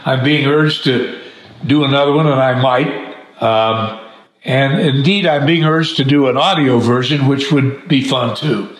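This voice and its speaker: Man, podcast host, animated storyteller, laughs easily, roomy echo. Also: mid-range voice, measured pace. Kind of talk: conversational interview with storytelling.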